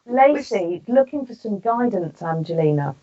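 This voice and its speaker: A woman's voice: mid-range voice, lively intonation, normal speed, dark tone, distant mic, lo-fi sound. A woman co-hosting a live psychic show in a chatty manner, reading out viewer comments. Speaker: psychic co-host. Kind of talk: casual live chat.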